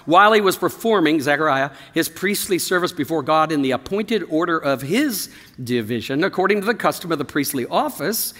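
A man's voice: fairly high pitch, animated, brisk, a bit bright, long reverb tail. A man preaching a sermon as pastor of a church, in a conversational way, with fillers and asides. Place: church sanctuary.

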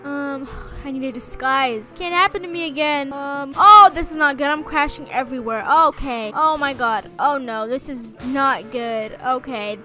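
A woman gamer and channel host giving excitable roleplay commentary, often panicking and repeating herself. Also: high-pitched, moderate pace, hardly any pauses, faint music behind. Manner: panicky, exclaiming, repeats phrases.

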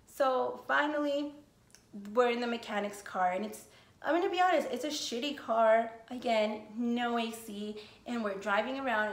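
Brief: woman vlogger, a bit high and gravelly, casual rambling storyteller, curses freely. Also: echoey room. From United States. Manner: rambling, frequent swearing and "like" fillers.

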